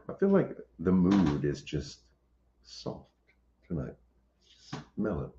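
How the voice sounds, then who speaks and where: A very deep-voiced man chats casually on a home livestream, pausing and restarting as he greets viewers. The sound is roomy and slightly dull. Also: huge pitch swings, dark tone, slight background noise. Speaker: homestead channel host.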